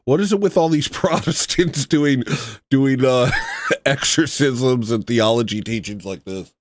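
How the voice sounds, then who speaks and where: A man's voice: mid-range voice, a little slow, no room sound. A man hosting a livestream, reacting to a video with joking, sarcastic commentary and frequent laughter. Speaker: livestream host.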